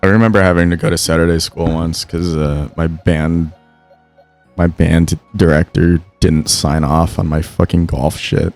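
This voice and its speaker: A man's voice: low-pitched, darkish tone. A young man telling a story casually on a gaming podcast, swearing freely and often restarting and stammering. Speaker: podcast co-host.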